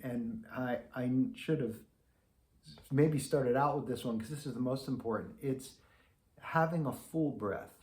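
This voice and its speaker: Easygoing male trombone teacher, echoey room. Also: mid-range voice. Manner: easygoing, conversational, demonstrating as he talks. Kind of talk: relaxed instructional talk to camera.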